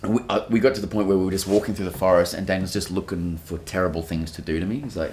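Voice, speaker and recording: A young Australian man, an actor, telling animated anecdotes about a film shoot in a casual interview. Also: deep voice, very fast, hardly any pauses, a little hiss or hum. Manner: animated storyteller, acts out quotes.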